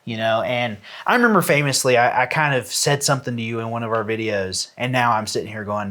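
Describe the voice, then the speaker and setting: A man talking casually as a guest, rambling with restarts and trailing off more quietly at the ends of his thoughts. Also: medium pitch, fairly quick, hardly any pauses. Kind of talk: casual chat.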